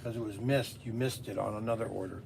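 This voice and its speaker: A man's voice: on the low side, steady tone, fast talker, gravelly, background noise. A man running a hobby shop, telling long rambling stories and getting defensive when teased, in a store. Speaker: hobby shop owner and show host. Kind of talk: casual storytelling and shop banter.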